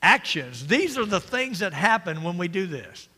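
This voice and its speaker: A middle-aged man preaching an emphatic sermon as pastor, swinging between loud and quiet. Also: high voice, very animated, normal speed, husky. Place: church sanctuary. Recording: long reverb of a church hall.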